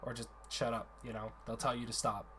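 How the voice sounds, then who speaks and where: A man's voice: medium pitch, flat delivery, fast talker, bright, forceful tone, slight background noise. A man in a casual voice chat, earnestly explaining a gaming community's conduct rules at length, often restarting his sentences.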